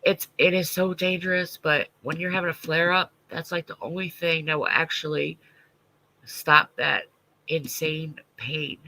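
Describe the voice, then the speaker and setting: A livestream host with a slightly high, steady, bright and forceful voice speaks a little slowly, and he sounds congested, like he has a stuffy nose. He's hosting a casual stream, answering viewer comments bluntly and swearing a lot. The recording quality is low.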